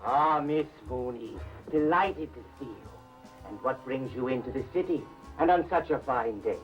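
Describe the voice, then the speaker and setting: An actor playing a strange, sinister pet shop owner in an old horror film, speaking slowly and courteously. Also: male voice, medium pitch, expressive, close to an everyday voice. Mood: courtly. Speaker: film character. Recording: dull distant film audio with music.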